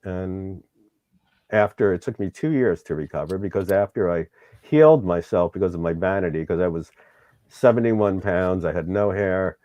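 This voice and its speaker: A man's voice: sits low, animated, moderate pace, warm tone, no echo, highs cut off. A middle-aged man, host of the show, candidly recounting a personal story in an interview and acting out the dialogue, sometimes getting emotional.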